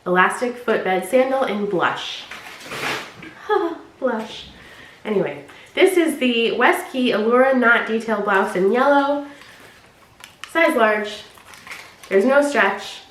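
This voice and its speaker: A chatty woman talks casually through an unboxing, her voice sitting a little high. She dips low and quiet on her asides. The room is echoey, with a faint hiss. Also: expressive, slow pace. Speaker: vlogger.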